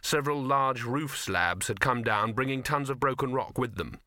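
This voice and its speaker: A man narrating a comic fantasy novel as an audiobook reader, in a dry, measured way. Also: mid-range voice, bright, forceful tone, no room sound. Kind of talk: scripted narration.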